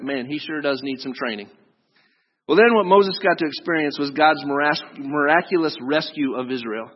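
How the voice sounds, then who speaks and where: A man preaching a sermon in a casual, joking way, talking straight to his listeners. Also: fairly high pitch. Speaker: pastor. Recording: dull lo-fi sound with long hall reverb.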